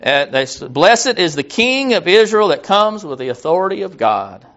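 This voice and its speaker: A man's voice: sits high, big pitch swings, normal speed, a bit bright. A man preaching a sermon, rambling, repeating words and losing his place as he reads scripture. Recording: dull lo-fi sound.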